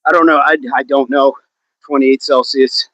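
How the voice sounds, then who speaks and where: A man hosts a live outdoor workout stream, counting reps aloud, joking with the chat and laughing often as the fitness host. His voice is mid-range and a bit bright, with a steady tone and moderate pace. The audio has no echo, but the highs are cut off.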